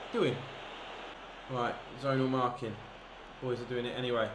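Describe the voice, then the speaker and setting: A man commentating on his own football video game match, chatty and easily excited, breaking into shouts at big moments. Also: medium pitch, fast. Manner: excitable, bursts into shouts at chances. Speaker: gaming commentator. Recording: echoey room with background noise.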